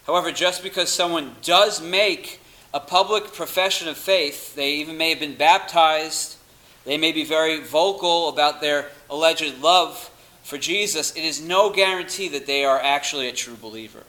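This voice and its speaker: A man's voice: fairly high pitch, moderate pace, bright, forceful tone, rough recording. A man preaching a sermon, emphatic and reading scripture passages aloud. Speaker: pastor.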